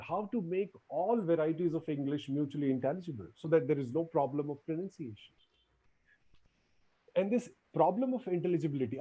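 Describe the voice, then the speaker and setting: A man giving an academic lecture as guest lecturer, animated, often repeating his words and acting out quotes. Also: on the high side, breathy edge, poor audio.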